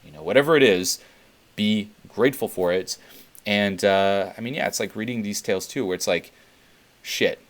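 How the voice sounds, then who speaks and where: Man, very deep voice, casual self-help vlog, rambling, filler-heavy, swears bluntly. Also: moderate pace. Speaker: self-help video host.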